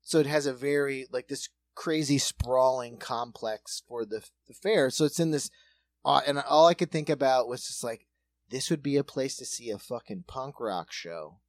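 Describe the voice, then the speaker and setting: A man in casual comedic chat, riffing with quick jokes and profanity. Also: medium pitch, no echo.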